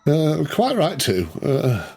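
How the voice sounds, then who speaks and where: A man's voice: fairly high pitch, wildly swooping pitch, slow, a little mellow, breathy edge, voice pushed up, exaggerated voice. A man voicing a flustered, chatty male sweet-shop keeper who stammers and hesitates.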